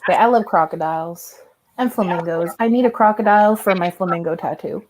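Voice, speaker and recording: Low-key woman with a mellow voice. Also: fairly quick, slight background noise, rough recording. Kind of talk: casual group chat on a video call.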